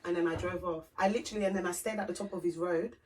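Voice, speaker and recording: Racing through her story, this young woman co-hosting a podcast speaks in a lowish voice, candid and animated, playing both parties in the conversations she recounts. It's casual storytelling, recorded off-mic from a distance with slight background noise.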